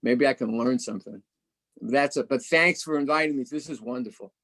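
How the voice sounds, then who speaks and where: A man's voice: mid-range voice, fairly quick, a bit bright. A man giving a candid, self-mocking personal share at a recovery meeting as a guest speaker, often stammering and repeating words over a video call.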